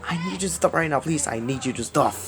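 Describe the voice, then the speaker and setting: A man who makes videos rambles straight at the camera in a pleading, repetitive rant, his fairly high, animated voice swinging between loud outbursts and mumbling. He speaks haltingly and often restarts words.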